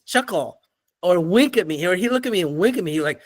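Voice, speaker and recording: An older man, a guest in an interview, telling animated stories and acting out the people in them. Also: high-pitched, fast talker. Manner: animated storyteller, acts out quoted voices. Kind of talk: storytelling in an interview.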